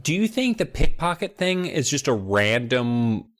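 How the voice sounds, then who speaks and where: A man's voice: mid-range voice, measured pace. A man co-hosting a podcast, rambling and riffing on jokes while recapping a book. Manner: rambling, animated, riffs on jokes. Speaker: podcast co-host. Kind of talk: casual chat recapping a book.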